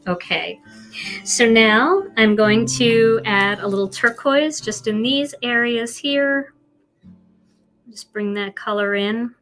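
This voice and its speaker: A woman's voice: on the high side, slow, fairly bright tone. Woman with a philadelphia accent, chatty crafting host, guitar music playing behind. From Philadelphia, USA. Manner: chatty, self-deprecating, thinks aloud while coloring. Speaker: card-making host. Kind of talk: live crafting demonstration.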